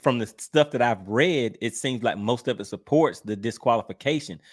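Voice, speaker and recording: A man hosts a casual livestream, reading out chat comments. His voice sits at an ordinary, middling pitch, and he talks in a relaxed, teasing manner with frequent laughs. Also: normal speed. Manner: easygoing, laughs often, teasing. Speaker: livestream host.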